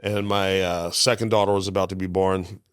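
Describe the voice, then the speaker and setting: A middle-aged man, a stand-up comedian, telling frank, profane stories in a relaxed way as a podcast guest on a close mic. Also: low voice, brisk, clear, resonant tone, no echo. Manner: frank, profane, laid-back storyteller. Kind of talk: candid storytelling in casual interview.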